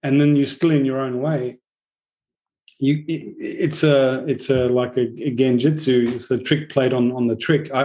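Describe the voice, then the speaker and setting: A man talking casually, reflective one moment and animated the next as he spins a story, pitched right in the middle for a man, and now and then dropping a swear word. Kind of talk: casual conversation.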